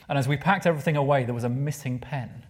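Male preacher, mid-pitched, expressive delivery that drops to a hush for emphasis, asks the congregation questions. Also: quick pace. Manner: asks the listeners rhetorical questions. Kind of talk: sermon.

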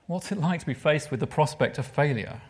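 A man's voice: fairly high pitch, fairly quick, husky. Man preaching a sermon. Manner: expressive, drops to a hushed voice for emphasis; asks the listeners rhetorical questions.

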